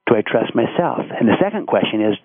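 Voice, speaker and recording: A man's voice: mid-range voice, fast, breathy edge, dry recording. Man, guest author, earnest storytelling, restarts, phone-line sound, dry. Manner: earnest, animated retelling with many restarts. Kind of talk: storytelling interview answer.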